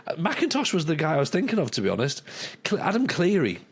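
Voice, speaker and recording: Gravelly husky man, dry humour. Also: fairly high pitch, wildly swooping pitch, quick pace. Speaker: podcast co-host. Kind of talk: casual chat.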